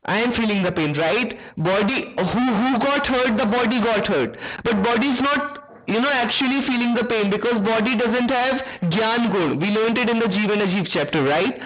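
A woman's voice: fairly high pitch, normal speed, few pauses. Woman teacher quizzing pupils, lo-fi. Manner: asks pupils frequent quiz questions. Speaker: religious teacher. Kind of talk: online class for children.

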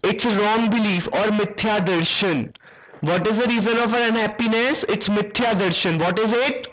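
A woman's voice: mid-range voice, normal speed. Woman teacher quizzing pupils, lo-fi. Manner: asks pupils frequent quiz questions. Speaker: religious teacher. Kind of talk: online class for children.

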